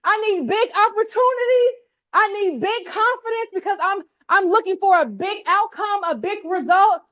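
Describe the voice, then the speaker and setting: This woman's voice sits extremely high and sounds animated and a little bright, moving at a moderate pace. She's a workshop speaker firing up a live audience with energetic motivational talk, using colloquial call-and-response and saying "y'all."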